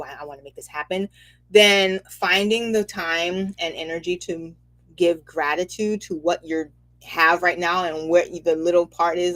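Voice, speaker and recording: Chatty, animated woman. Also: lowish voice. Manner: animated, chatty, laughs often, says "okay?" a lot. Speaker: spiritual reader and host. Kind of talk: casual livestream reading.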